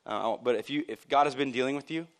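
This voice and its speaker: A man preaching a sermon at a church service, emphatic and casual, jumping from loud bursts down to near-quiet lines and dropping in chuckling asides. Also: mid-range voice, fast talker. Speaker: pastor.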